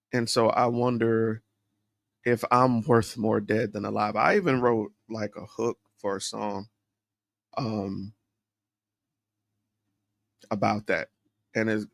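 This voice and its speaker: A man's voice: fairly low pitch, no echo. A man hosting a solo podcast, talking candidly and introspectively, rambling with fillers and restarts. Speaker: podcast host.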